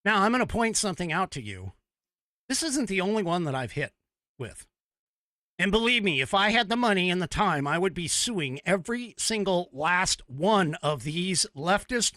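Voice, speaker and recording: A fired-up man delivers a podcast monologue with a forceful, bright edge and a voice that swings widely up and down. He rants and swears openly, and the sound is dry, close and free of room echo. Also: high-pitched. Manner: angry, profane ranting. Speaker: podcast host.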